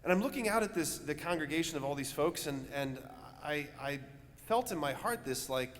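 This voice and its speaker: A man's voice: on the high side, lively intonation, moderate pace, fairly bright tone, a little hiss or hum. A young adult male priest giving a homily, telling a story conversationally with many fillers and restarts. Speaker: parish priest. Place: large church. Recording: church reverb with faint ambience.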